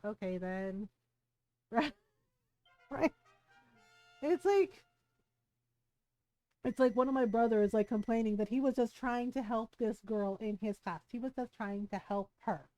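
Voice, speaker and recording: A woman's voice: a little high, darkish tone. A woman streamer telling a family story in casual chat, tagging her lines with "right?" and acting out what relatives said. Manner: chatty, tags lines with "right?"; acts out family members' lines. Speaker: game streamer.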